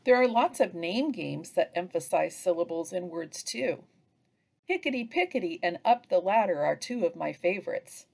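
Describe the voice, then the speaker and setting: A woman giving an instructional training narration for early reading teachers, pausing to chant example phrases. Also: lowish voice, gravelly. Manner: slow, lively delivery with chanted example phrases.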